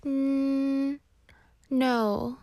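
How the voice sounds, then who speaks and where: A young woman radio DJ chats casually and pokes fun at herself, her voice set a touch high. She sounds a little out of breath. The studio sound is close and dry. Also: little pitch movement, extremely slow, warm tone, no echo. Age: 20s. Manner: chatty, self-deprecating, reads viewer comments aloud. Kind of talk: casual live radio chat.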